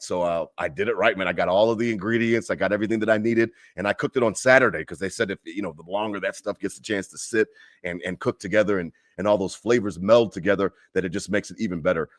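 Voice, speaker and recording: A man in his thirties with a lowish voice talks fast and bluntly about his team, stumbling and repeating himself as he makes his point. The sound is close and dry, with no room around it. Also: no echo. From Buffalo area fan living in Charlotte. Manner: blunt, opinionated, repeats himself when fired up. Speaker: podcast co-host. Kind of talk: casual sports talk.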